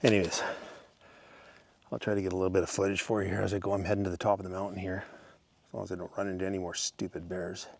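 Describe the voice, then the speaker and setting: Winded, gravelly-voiced man on a hike. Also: sits low, little pitch movement, fast talker, long pauses, a little mellow, no room sound. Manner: shaken, blunt, a bit profane. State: out of breath. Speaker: vlogger hiking alone. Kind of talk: casual video diary. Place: outdoors on a mountain trail.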